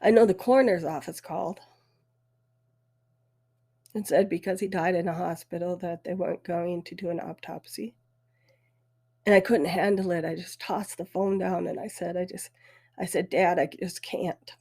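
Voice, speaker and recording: A middle-aged woman tells her own story on her podcast, halting and close to tears. Her voice is husky and breathy, with a mellow, dark tone. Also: on the low side, steady tone. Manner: emotional, halting, voice breaking. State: weepy. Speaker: podcast host. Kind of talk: personal storytelling.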